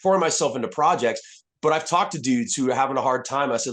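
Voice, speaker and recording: A man's voice: mid-range voice, fast, fairly bright tone. A man in his fifties, a retired soldier speaking as a podcast guest, telling his story candidly in a blunt, profane way with many restarts. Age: 50s.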